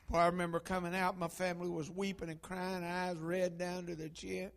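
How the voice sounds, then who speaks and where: Preacher man, middle-aged, fairly high voice, folksy sermon storytelling. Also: flat delivery, fairly quick, vocal fry, hardly any pauses. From Harlan County, Kentucky. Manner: folksy storytelling, swinging from hushed asides to loud exhortation.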